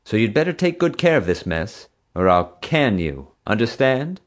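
A man's voice: on the low side, big pitch swings, moderate pace, pitched above the performer's own voice. A man voicing a stern, bossy female park boss. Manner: curt, bossy, clipped orders.

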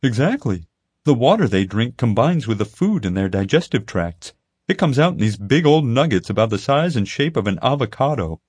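A man's voice: mid-range voice, very animated, normal speed, a little mellow, breathy edge, dry recording, pitched above the performer's own voice. A man voicing an eager, chatty young zookeeper woman. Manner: eager, rattles off facts. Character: chatty lonely young female panda keeper. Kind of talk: audiobook character voice. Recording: dry close studio sound.

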